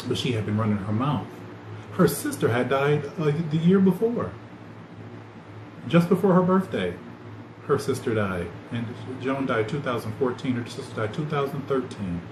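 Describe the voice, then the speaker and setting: A man hosting a podcast, rambling loosely in animated, slangy casual chat. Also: mid-range voice, normal speed. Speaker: podcast host. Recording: echoey room with loud ambient noise.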